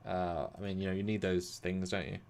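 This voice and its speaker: A British man co-hosting a casual episode review, animated, acting out quotes and swinging between loud and soft. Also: low voice, brisk, creaky. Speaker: podcast co-host.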